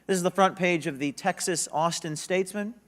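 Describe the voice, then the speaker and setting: A man giving an energetic, emphatic speech at a conference. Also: high voice, brisk. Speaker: conference speaker. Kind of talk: public speech. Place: conference stage.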